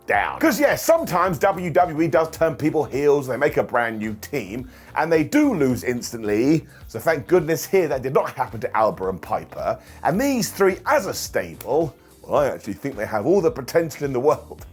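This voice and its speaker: A young man reviewing a wrestling show on his own, joking and animated. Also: mid-range voice, moderate pace, husky, faint music behind. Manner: animated, jokey, puts on silly voices for quotes. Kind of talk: solo review monologue.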